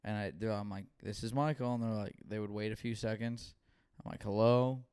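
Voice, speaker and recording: Smooth-voiced young man telling stories. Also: fairly low pitch, steady tone, brisk, darkish tone. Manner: storytelling with lots of swearing and quoted dialogue. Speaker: podcast co-host. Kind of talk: casual chat.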